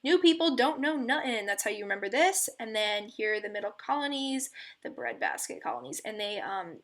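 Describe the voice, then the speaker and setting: A woman's voice: medium pitch, very animated, brisk. A young woman giving a casual history explainer as a student presenter, chatty and filler-heavy with frequent ums and likes, and giggly asides.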